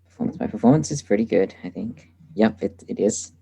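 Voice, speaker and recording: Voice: mid-range voice, lively intonation, fairly quick, creaky, dark tone, breathy edge. A player in a tabletop game, talking hesitantly about their rolls.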